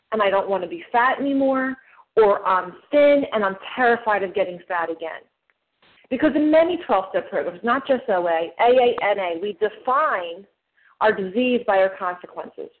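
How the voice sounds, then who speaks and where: A woman's voice: a little high, animated, moderate pace. Earnest woman on a phone line. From South Jersey. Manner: earnest, explanatory. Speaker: twelve-step meeting member sharing. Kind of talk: personal share on a phone meeting. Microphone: phone call.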